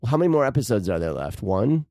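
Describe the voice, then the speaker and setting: A man's voice: mid-range voice, sing-song, fast, gravelly, dark tone, no echo, clean studio sound. A man co-hosting a podcast in casual chat, hesitant and self-deprecating, often restarting his sentences. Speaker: podcast co-host.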